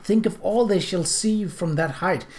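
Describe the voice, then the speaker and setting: A woman's voice: on the low side, measured pace, darkish tone, voice pushed up, natural voice. A man doing a chatty, fretful young lady. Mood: wistful. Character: chatty young woman photographer, sweetly fretful.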